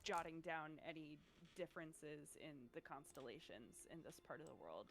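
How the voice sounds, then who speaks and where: A woman's voice: sits low, expressive, normal speed, fairly bright tone. A woman playing in a tabletop game, talking in a hesitant, casual way. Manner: hesitant, lots of "um" and "like". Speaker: player.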